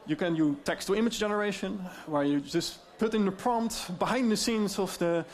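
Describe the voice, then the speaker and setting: A Dutch-accented man giving a conference talk, his voice sitting a bit high. He explains in a lively, loose way, dropping frequent fillers along the way. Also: moderate pace. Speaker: speaker on AI deepfakes.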